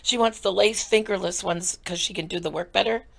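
A woman telling comic stories as a talk show guest, giggling and animated. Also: mid-range voice, brisk, vocal fry. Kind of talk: casual comedic chat.

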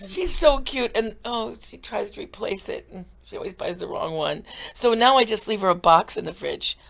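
A woman telling comic stories as a talk show guest, giggling and animated. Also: medium pitch, moderate pace, vocal fry. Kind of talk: casual comedic chat.

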